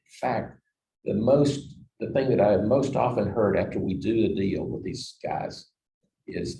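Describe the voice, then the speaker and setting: Gravelly low-voiced man telling stories. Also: a little slow. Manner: anecdotal, swings between loud emphasis and quiet asides. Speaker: presenter on negotiation. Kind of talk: storytelling presentation. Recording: echoey room, distant mic.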